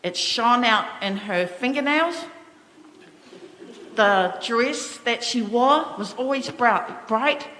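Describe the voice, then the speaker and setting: A middle-aged woman giving a fond, reminiscing funeral eulogy in a large church, a little halting at times. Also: a little high, animated, fairly bright tone. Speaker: family member giving a eulogy. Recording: echoey church hall, faint ambience.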